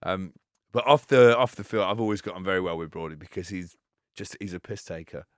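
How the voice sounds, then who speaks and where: Guest with a lowish voice, lively storyteller, dry close mic, laughs a lot. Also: male voice, a little fast, dry recording. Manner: animated storyteller, swears, laughs often. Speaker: guest, former cricketer. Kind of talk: casual chat.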